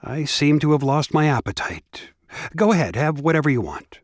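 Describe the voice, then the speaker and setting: Grown man, defensive, self-righteous, scowling, husky, close dry audiobook voice, read by a man. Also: fairly high pitch, big pitch swings, moderate pace, no echo. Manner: scowling, pleading.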